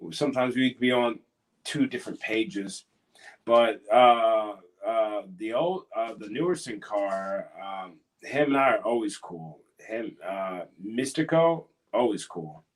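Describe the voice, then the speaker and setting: A man's voice: lowish voice, lively intonation, a little slow. A man who wrestles professionally, answering questions in a casual interview, earnest and a bit hesitant, encouraging at times.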